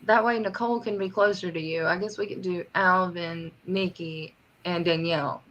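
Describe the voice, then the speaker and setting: A woman's voice: lowish voice, steady tone, moderate pace, fairly bright tone, highs cut off, slight background noise. A woman hosting a casual group livestream chat over a video call, goofy and laughing. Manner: goofy, laughing, sings a little jingle. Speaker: livestream host.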